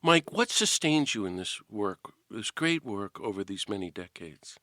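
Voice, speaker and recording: An older man hosting an interview, telling an animated story and laughing at himself. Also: lowish voice, measured pace, dry recording, clean studio sound. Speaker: podcast host.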